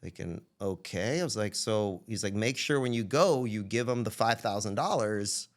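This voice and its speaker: A man guest from Texas telling stories in a casual interview, animated, acting out quoted dialogue with shifting voice. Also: lowish voice, moderate pace. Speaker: guest entrepreneur.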